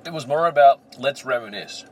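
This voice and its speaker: A man with an Australian accent, co-hosting a podcast in a rambling, excitable casual chat. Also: medium pitch, fairly quick. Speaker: podcast co-host. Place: in a moving car. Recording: distant mic, loud road noise.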